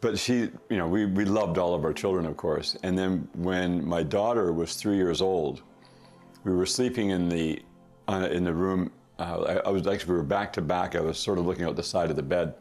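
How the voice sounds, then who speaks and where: Middle-aged guy, deep voice, chatty storytelling, laughs a lot as he goes. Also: a little mellow. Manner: chuckles often, quick asides. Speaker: podcast guest. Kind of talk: casual storytelling.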